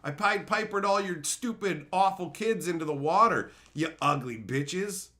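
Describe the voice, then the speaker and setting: A man's voice: a little high, lively intonation, measured pace, sharp tone. A man voicing a crude male Pied Piper who taunts and swears. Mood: gloating.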